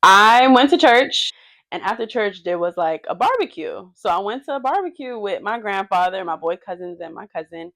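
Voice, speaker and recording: A woman's voice: mid-range voice, moderate pace, no room sound. A young woman hosting a podcast, telling stories animatedly and acting out what people said. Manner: animated storyteller, acting out quotes. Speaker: podcast host. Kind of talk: casual chat.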